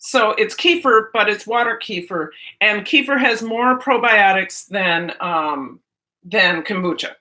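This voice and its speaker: Bright and forceful in a mid-range voice, this middle-aged vlogger talks loosely with her live-stream audience as she makes breakfast. She wanders from point to point, hardly moving her jaw, and frequently starts her sentences over.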